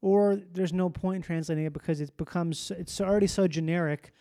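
Casting note: higher-pitched male comic, quick and wry, riffing bits, close dry mic. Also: fairly even intonation, mellow, dry recording. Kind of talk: casual chat.

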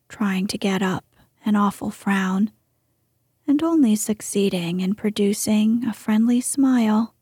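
A woman reading a classic novel aloud as a storybook narrator, often half-whispering, with a soft, gentle delivery. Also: medium pitch, slightly rough, dry recording, studio quality. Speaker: audiobook narrator.

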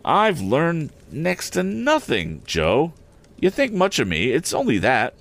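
A man's voice: on the high side, huge pitch swings, slow pace, vocal fry, a bit bright, voice pushed up, full character voice. A man voicing a timid, ashamed young boy. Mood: humble.

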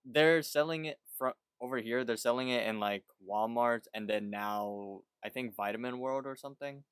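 A man's voice: medium pitch, moderate pace, clear, resonant tone, dry recording. A man co-hosting a podcast, chatting casually and swearing freely. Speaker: podcast co-host. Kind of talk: casual chat.

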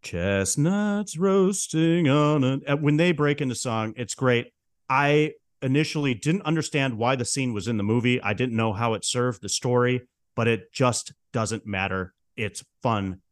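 A man co-hosting a film podcast, talking in an enthusiastic, relaxed, buddy-like way. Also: medium pitch, moderate pace, no echo, studio quality. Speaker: podcast co-host. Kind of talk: casual film discussion.

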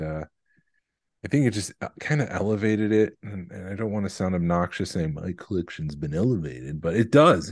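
A man co-hosting a casual chat, making dry, deadpan jokes. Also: fairly low pitch, no room sound. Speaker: podcast co-host.

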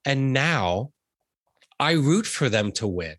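A man's voice: medium pitch, big pitch swings, takes it slowly, fairly bright tone, no echo, clean studio sound. A young man from the USA, a realtor guest talking earnestly in an interview and getting emotional about family. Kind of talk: heartfelt interview conversation.

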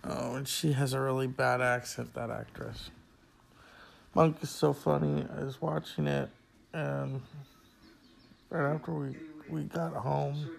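A man's voice: medium pitch, creaky. A tired man hosting his own show, chatting in a rambling, casual way with crude asides and plenty of swearing.

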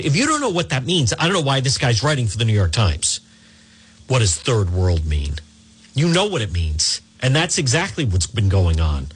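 A man's voice: mid-range voice, a bit bright, slightly rough. A man hosting a talk radio show, arguing combatively, repeating points and firing rhetorical questions. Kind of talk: opinionated talk radio monologue.

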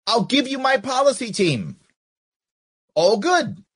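A husky-voiced man talks back at a recorded speech with biting sarcasm. His pitch jumps around a lot, swinging from high mocking tones down to low muttered asides. He sounds like a political commentator picking apart every sentence. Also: big pitch swings, slow, a bit bright. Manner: sarcastic, argues back at the clip. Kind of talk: mocking commentary over a clip.

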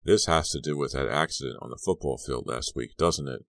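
A man voicing a calm, probing middle-aged school principal in an audiobook, measured and dryly sarcastic. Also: a bass voice, vocal fry, no room sound. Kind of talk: audiobook narration.

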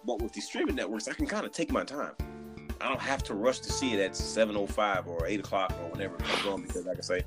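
A man in casual podcast chat, animated and emphatic, often restarting his sentences. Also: fairly low pitch, fast talker, music in the background. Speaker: podcast guest.

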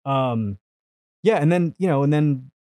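A man telling stories as a podcast guest, animated and profane, acting out the people he quotes. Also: a little high, measured pace, dry recording. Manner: animated, swears freely, acts out quotes. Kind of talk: casual storytelling.

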